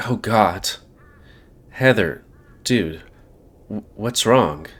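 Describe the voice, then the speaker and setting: A man's voice: fairly low pitch, animated, drawn-out words, a bit bright, heavily acted. A man voicing a laid-back young male stoner animal in a visual novel, lackadaisical and casual. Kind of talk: reading a visual novel aloud.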